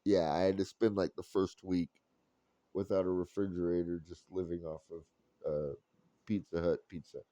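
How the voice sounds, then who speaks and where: A man's voice: deep voice, level tone, normal speed, warm tone, dry recording. A young man telling a rambling, profane story full of fillers and restarts. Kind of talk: casual storytelling.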